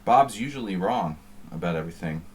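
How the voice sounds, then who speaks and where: A man's voice: low-pitched, expressive, fairly quick. A man streaming chess, chatting in a rambling, wry, offhand way between moves. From United States. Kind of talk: casual chat while playing online chess.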